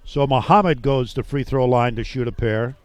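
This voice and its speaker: A man's voice: medium pitch, normal speed, smooth, dry recording. A man calling a live basketball game play by play, chatty and thinking aloud as he goes. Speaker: play-by-play announcer.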